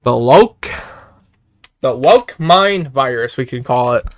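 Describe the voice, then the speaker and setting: A man's voice: mid-range voice, takes it slowly, long pauses, dry recording, studio quality. A young man streaming, ranting casually to his chat, repeating himself and swearing when he gets worked up. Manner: excitable, repetitive, swears and shouts when worked up. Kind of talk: casual political rant to chat.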